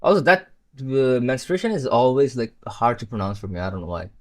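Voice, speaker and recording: A man's voice: mid-range voice, big pitch swings, fairly quick. A young man who is not a native English speaker, chatting casually on a live stream while coding, rambling and swearing when frustrated. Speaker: livestreamer.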